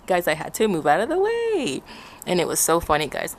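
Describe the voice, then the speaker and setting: A woman from Ecuador casually telling a story to her viewers, acting out what people said and laughing often. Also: fairly quick. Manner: animated, acts out quotes in high shouts, laughs often. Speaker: vlogger.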